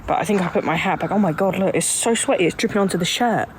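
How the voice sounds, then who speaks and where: A young woman talks through her hiking day at a quick clip. Her tone is chatty and self-mocking, like a travel vlogger. Wind and outdoor noise sit clearly under her voice. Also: medium pitch. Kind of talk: casual travel vlog narration. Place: outdoors on a mountain trail.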